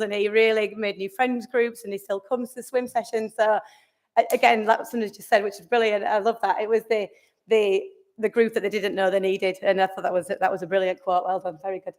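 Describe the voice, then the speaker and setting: A woman presents to a conference room with an upbeat, enthusiastic delivery. She often restarts her sentences and stops to search for a word. Her pitch sits in an ordinary middle range for a woman. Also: little pitch movement, fast. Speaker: conference speaker.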